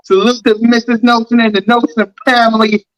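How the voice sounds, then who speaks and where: Man, very high voice, sports talk host, heated rant, mocking, repetitive. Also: level tone, fairly quick, fairly bright tone, rough recording. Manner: heated, mocking, repeats lines for emphasis.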